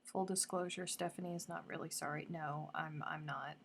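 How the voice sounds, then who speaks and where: A woman chatting to her viewers on a casual craft livestream. Her voice sits a bit low and carries a gravelly fry. She talks effusively and now and then slips into near-whispered asides. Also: steady tone, moderate pace, slight background noise. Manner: effusive and chatty, drifting into soft murmurs. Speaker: crochet livestream host. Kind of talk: casual live-stream chat.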